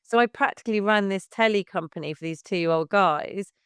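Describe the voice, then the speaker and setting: A woman's voice: medium pitch, brisk, clear, resonant tone, no room sound, clean studio sound. A woman in her fifties, a baby music class leader, chatting frankly as a podcast guest and swearing casually. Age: 50s.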